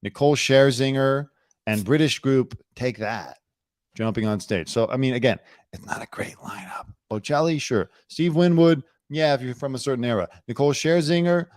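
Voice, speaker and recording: A man's voice: mid-range voice, moderate pace, a little mellow, no room sound, clean studio sound. Sarcastic male podcast host. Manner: sarcastic, wisecracking. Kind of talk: casual news chat.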